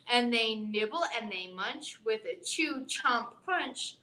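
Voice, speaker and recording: A woman as a children's librarian giving a live storytime read-aloud, expressive, sing-song and encouraging, in a library room. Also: a little high, slow, hardly any pauses, roomy sound.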